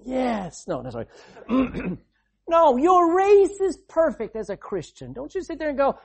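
A man preaching a sermon in an animated, conversational way, with asides to the congregation. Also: high voice, slow, breathy edge.

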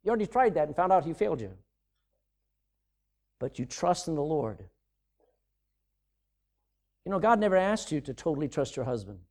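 A middle-aged man preaching a sermon as pastor, swinging from loud emphasis to sudden hushed drops. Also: a little high, sing-song, normal speed, pauses often.

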